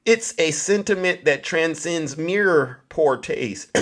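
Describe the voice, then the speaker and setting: A man holds forth to his live-stream audience in a mock-solemn, sermon-like speech. His voice sits a little on the high side, and he leans into a theatrical, preachy delivery with drawn-out pauses. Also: expressive.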